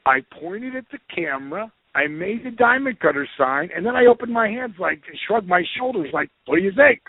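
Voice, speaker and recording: A man with a slightly high voice tells a rambling, swearing story as a podcast guest and acts out the people he quotes. The sound is thin and telephone-like, with no room echo at all. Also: animated, fairly quick, slightly rough. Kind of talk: casual anecdote storytelling. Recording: tinny phone-like line, dry.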